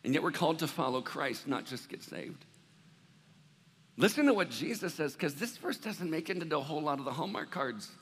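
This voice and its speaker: A male pastor preaching a conversational sermon that swings from hushed, low moments to loud, emphatic ones. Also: lively intonation, a little fast, breathy edge, in a large hall.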